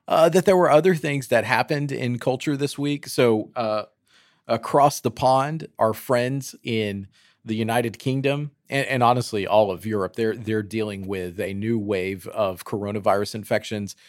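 A man co-hosting a casual roundtable podcast, lively and teasing, with many fillers. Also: mid-range voice, moderate pace, no echo, studio quality. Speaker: podcast co-host.

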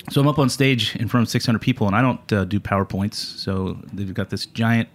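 A man hosting a podcast, telling stories in a casual chat with a co-host, chuckling and trailing off low at the ends of lines. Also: normal speed, a little hiss or hum. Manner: storytelling, chuckling, drops to a low mumble at line ends.

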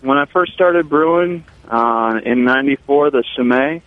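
A brewer calling in by phone, chatting casually and telling relaxed stories about his brewery. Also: mid-range voice, normal speed, no echo. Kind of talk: casual radio chat. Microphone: phone line. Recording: tinny phone line.

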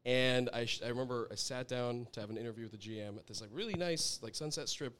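A man's voice: mid-range voice, fast, fairly bright tone. A young adult man, a chef guest, telling a rambling story in a casual interview, laughing often and swearing freely.

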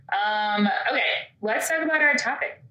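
A woman co-hosts a casual podcast, telling a story with playful quoted asides. Her voice is fairly low for a woman but bright and forward. The room gives it a noticeable echo. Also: dull audio. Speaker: podcast co-host. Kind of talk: casual chat.

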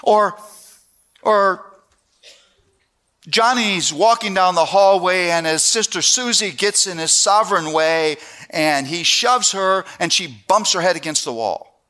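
A middle-aged man preaching a sermon, telling family stories in a lively way and then dropping to a hushed, earnest tone. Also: sits high, measured pace. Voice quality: animated storyteller who drops to a hushed, earnest tone.

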